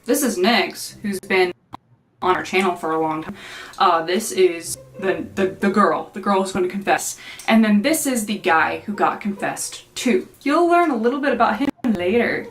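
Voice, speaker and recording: A young woman hosting a casual reaction video, talking in quick, animated and exasperated asides. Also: mid-range voice, a little hiss or hum, low-quality recording. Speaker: host reacting to her own clips.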